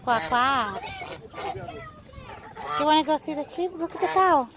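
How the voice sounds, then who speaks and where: A mother vlogging outdoors at a farm, talking slowly to her toddler in coaxing baby talk and making animal sounds. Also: sits high, animated, a crowd in the background. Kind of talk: casual vlog narration while talking to a toddler. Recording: noisy outdoor camera audio. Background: outdoor noise and animals.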